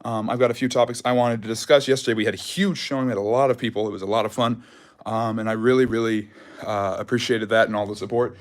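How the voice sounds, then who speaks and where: A man's voice: fairly low pitch, fairly even intonation, quick pace, no echo. A man hosting a casual history Q&A livestream, out of breath after a jog, rambling loosely with lots of fillers and restarts. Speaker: history channel host.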